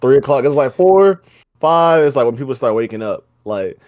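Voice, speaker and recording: A man with a very animated voice, recorded dry and close. He chats on a podcast, jumping in with tips. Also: medium pitch, moderate pace, no echo. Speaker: podcast co-host. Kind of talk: casual chat.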